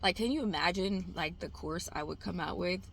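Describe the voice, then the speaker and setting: Tired woman vlogging from home, rambly and candid, cusses a lot, bright clear voice. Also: on the low side, a little fast, a little hiss or hum. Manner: rambling, candid, swears and laughs often. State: exhausted. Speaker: trading vlogger. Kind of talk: casual self-talk vlog.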